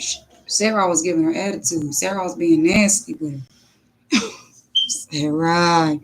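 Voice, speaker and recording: A woman who reads scripture aloud and then tells emphatic, lively stories as a livestream preacher. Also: on the low side, normal speed, slight background noise, poor audio. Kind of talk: scripture reading and casual testimony.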